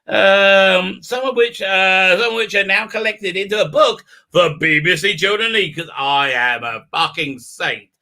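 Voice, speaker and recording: Guy hosting a stream, high bright voice, sarcastic and sweary, keeps shouting. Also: measured pace, creaky, hardly any pauses. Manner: sarcastic, profane, often shouting. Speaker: show host. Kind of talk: mocking live stream commentary.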